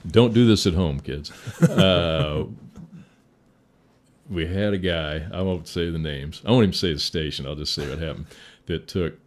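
A middle-aged man with a very deep, low-pitched voice talks casually as a veteran firefighter. He spins folksy stories, laughing along and acting out what others said. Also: unhurried. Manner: folksy, laughs through stories, acts out quotes. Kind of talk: casual storytelling interview.

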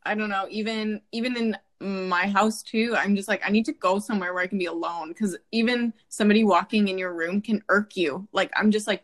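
A woman's voice: medium pitch, fairly quick, few pauses. A woman in her twenties in casual chat, swearing freely and acting out quoted voices. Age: 20s.

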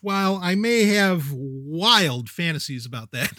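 High-voiced, wisecracking male podcast host. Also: normal speed, hardly any pauses, no echo, studio quality. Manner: energetic, wisecracking, self-interrupting. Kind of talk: casual tech podcast monologue.

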